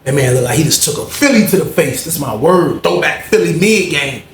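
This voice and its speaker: A man casually telling a story, animated and acting out the people he quotes in a higher voice. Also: a little fast. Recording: echoey room with faint noise.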